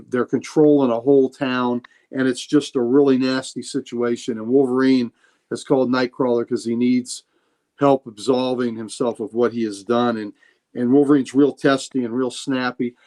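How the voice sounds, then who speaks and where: Male podcast co-host, mid-range voice, halting and enthusiastic storyteller. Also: mid-range voice, little pitch movement, dark tone. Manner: retells comic scenes, many restarts and fillers. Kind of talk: casual podcast chat.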